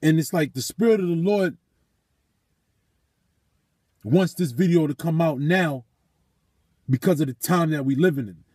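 A man with a husky, mellow voice tells a story in a vlog and drifts into preaching. He talks emphatically, swears freely and repeats his points. The sound is close and dry. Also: on the high side, unhurried, long pauses, dry recording. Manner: emphatic, profane, repeats phrases. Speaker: vlogger.

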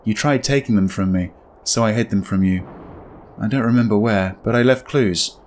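Man voicing a dead wife, hushed, cold, accusing, slow game dialogue. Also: lowish voice, slight background noise, lightly acted. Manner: soft, hushed, slow reading. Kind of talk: reading game dialogue aloud.

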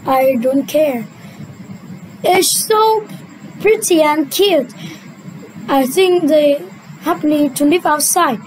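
A young woman with a very high, light voice tells a children's cartoon story at a slow, unhurried pace. She speaks with a Vietnamese native's English, drawing the words out in a sing-song way and switching between character voices. A faint hum of noise sits behind her. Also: low-quality recording. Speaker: storyteller voicing a cartoon retelling.

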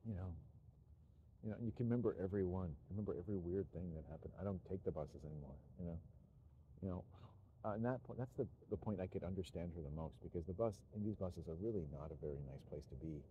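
A man talking in a rambling monologue, meandering and halting, with frequent restarts and chuckles. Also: low-pitched, narrow, tinny audio, a little hiss or hum.

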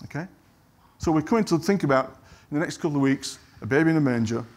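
A man's voice: on the high side, lively intonation, fast, a little mellow. Conversational male preacher. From England. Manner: conversational, digresses and apologizes, acts out quoted lines. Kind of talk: sermon.

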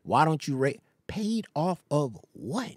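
A man hosting a live stream, telling gossip in a casual, animated way and laughing often. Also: fairly high pitch, slow, slightly rough. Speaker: live-stream reaction host.

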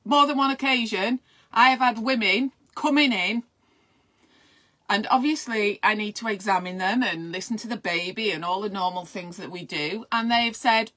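A woman's voice: medium pitch, a bit bright. A middle-aged woman, chatting casually and rambling on a live stream as a midwife host, encouraging her viewers.

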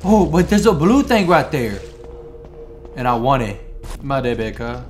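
A young man giving excitable let's-play commentary, swearing, laughing and talking back to the game as he plays. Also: mid-range voice, unhurried, faint music behind. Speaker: gamer playing through a video game.

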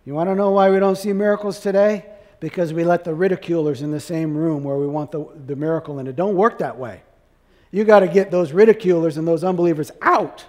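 A man's voice: fairly high pitch, a little fast, darkish tone, long reverb tail. A man preaching a sermon as pastor, asking the congregation one question after another.

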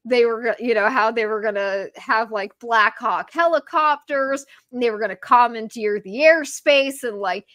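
A woman, a journalist guest on a podcast interview, talking in an animated, sarcastic way with many fillers. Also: on the high side, no room sound, clean studio sound.

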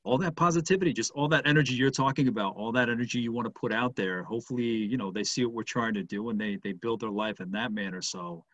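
A man's voice: mid-range voice, quick pace, few pauses, fairly bright tone, dry recording, highs cut off. A male host reflecting aloud in a casual interview, often searching for words.

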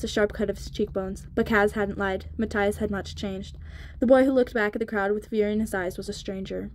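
A woman reading a novel chapter aloud in a storybook reading, quick and even. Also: medium pitch. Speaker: audiobook reader.

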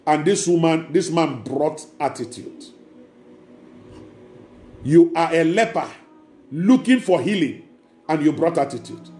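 A man's voice: on the high side, expressive, a little slow, long pauses, a little mellow. A man preaching a sermon as pastor, emphatic and repeating key words. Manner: emphatic preaching with acted quotes. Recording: echoey room with faint music.

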